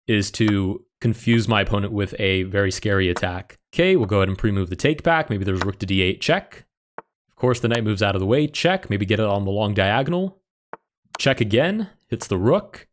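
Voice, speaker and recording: A man commentating his own online chess game as he plays, thinking aloud with quick reactive exclamations. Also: fairly low pitch. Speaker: chess streamer.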